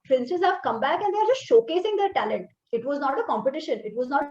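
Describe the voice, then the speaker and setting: A woman's voice: sits high, expressive, quick pace, a little mellow. A woman with an Indian English accent, an author being interviewed, explaining her argument emphatically and conversationally. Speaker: author guest. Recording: roomy, slightly dull audio.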